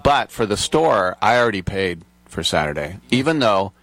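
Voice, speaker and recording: A man hosting a comedy talk show, telling lively anecdotes and acting out the people he quotes. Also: fairly low pitch, moderate pace, no echo. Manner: enthusiastic anecdotes, acts out quoted voices. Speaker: podcast host. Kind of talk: casual chat.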